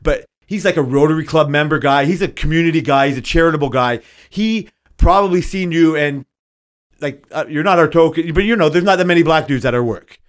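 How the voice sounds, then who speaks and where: A man's voice: a little high, brisk. A man in his fifties co-hosting a podcast, chatting casually and rambling with lots of filler phrases. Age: 50s. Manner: rambling, full of "like" and "you know what I mean". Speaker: podcast co-host. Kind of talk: casual chat.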